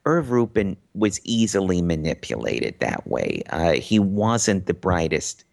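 A man recounting a personal story as an interview guest, animated and full of restarts and repeated words. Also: low-pitched, takes it slowly, gravelly, hardly any pauses. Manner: animated, acts out quotes in a raised voice; frequent restarts and stammered repeats. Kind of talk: casual storytelling.

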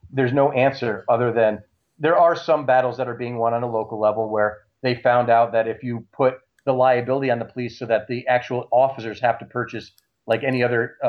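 A man telling a story in casual talk, animated and repeating words as he goes. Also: mid-range voice. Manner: animated, acts out shouting cops; repeats words and restarts often. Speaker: guest recounting a story. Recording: slightly dull lo-fi audio.

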